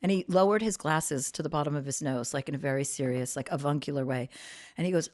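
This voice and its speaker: A woman's voice: low-pitched, fast talker, darkish tone. A woman telling a funny personal story as a podcast guest, frank and crude with self-mocking asides. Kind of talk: storytelling anecdote.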